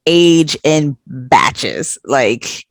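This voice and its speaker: A woman co-hosting a podcast in casual chat, making playful quick asides. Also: extremely low pitch, big pitch swings, no room sound, studio quality. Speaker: podcast co-host.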